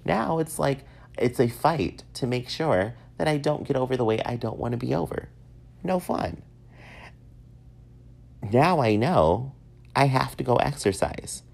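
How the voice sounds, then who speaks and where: A man in his thirties hosting a casual solo podcast, telling stories in an animated, self-mocking way. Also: medium pitch, a little slow, gravelly, long pauses. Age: 30s. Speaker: podcast host.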